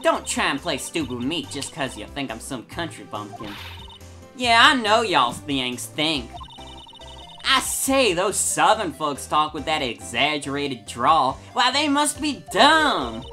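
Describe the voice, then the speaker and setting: A feisty, sharp-tongued country woman from a video game, all drawl and scolding , as a woman puts her on. The voice sits very low for a woman yet swings up and down a lot while she tells people off. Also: big pitch swings, measured pace, soft background music, full character voice. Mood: sassy scolding. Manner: forceful, indignant. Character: brash country woman photographer, feisty and touchy.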